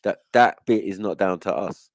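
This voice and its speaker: Male panel guest, very low voice, talks in long explanations. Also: moderate pace. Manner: explains at length, checks in with "right?" and "you get me". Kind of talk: casual panel discussion.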